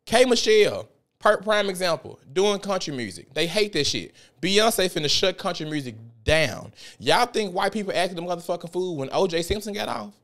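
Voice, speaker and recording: A podcast host rants through a casual monologue, telling stories heatedly, profanely, and emphatically. His high-pitched voice is expressive and a bit bright, moving at normal speed.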